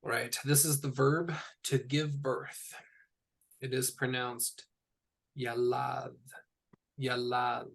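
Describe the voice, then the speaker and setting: A man teaching a one-on-one language lesson, patiently explaining sounds and repeating each word slowly. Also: medium pitch, steady tone, fairly bright tone, breathy edge. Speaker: Hebrew teacher. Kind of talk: tutoring session.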